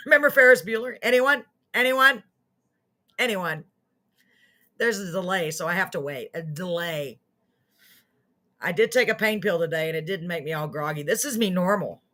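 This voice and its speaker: A woman's voice: on the low side, a bit bright. A woman hosting a casual live online show, chatting to viewers in a friendly, self-mocking way. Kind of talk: casual livestream chat to viewers.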